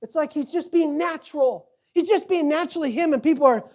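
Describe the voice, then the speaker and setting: A male pastor preaching a sermon, acting out quoted voices and swinging between loud emphasis and quiet asides. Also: very high-pitched, animated, a little fast, few pauses.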